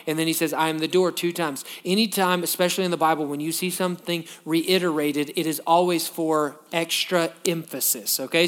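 A male pastor preaching a sermon, reading scripture aloud and explaining it to his congregation, and dropping to a soft, low voice when he prays. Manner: drops to a soft, low voice in prayer.

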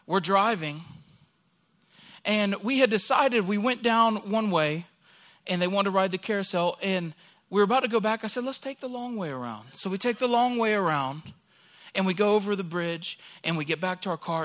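A man in his thirties, a pastor from Alabama, preaching a sermon through a lively personal story and acting out the people he quotes. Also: high voice, moderate pace.

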